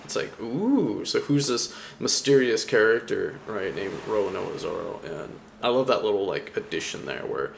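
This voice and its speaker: With hardly any pauses, this young man rambles about a comic in a casual anime vlog, laughing a lot and using plenty of fillers. His fairly low, creaky voice swings widely in pitch at a moderate pace, over slight background noise.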